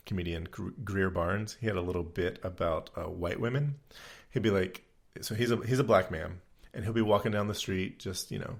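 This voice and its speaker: A low-voiced man with a gravelly, husky texture, co-hosting a podcast in easy conversation. He rambles along, circling back with fillers and restarts as he explains things. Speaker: podcast co-host. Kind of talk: casual chat.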